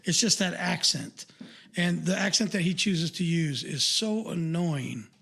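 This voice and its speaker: An older man with a notably high voice co-hosts a podcast in casual chat. He rambles, circling back with fillers and restarts as he goes. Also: unhurried, vocal fry, a bit bright, breathy edge. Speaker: podcast co-host.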